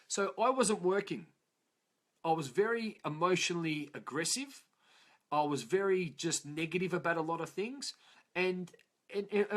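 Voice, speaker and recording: A man's voice: on the high side, fairly bright tone. A man, a motivational speaker, telling a blunt and profane personal story to an audience.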